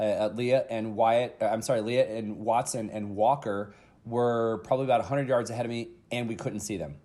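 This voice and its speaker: A man's voice: medium pitch, a little mellow. A man in his thirties hosting a motivational podcast, telling a story emphatically with casual fillers and the odd swear word. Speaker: podcast host.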